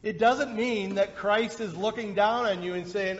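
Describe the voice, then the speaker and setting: A man's voice: high voice, unhurried, hardly any pauses. Man preaching in an echoing hall. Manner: conversational preaching, animated when voicing quotes. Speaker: pastor. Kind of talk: sermon. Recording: dull lo-fi sound with long hall reverb.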